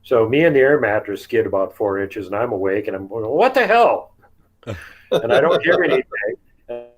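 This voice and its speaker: A man telling outdoor encounter stories in a casual interview, chatty and quick to laugh. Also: fairly low pitch, animated, dull audio. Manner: chatty, laughs often, acts out quotes. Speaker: guest telling field encounters.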